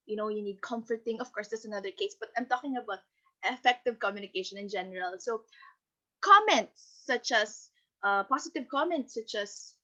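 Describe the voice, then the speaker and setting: A Filipino woman teaching an online class, cheerful and animated, laughing often and mixing in Tagalog. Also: on the high side, normal speed. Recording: dull lo-fi call audio.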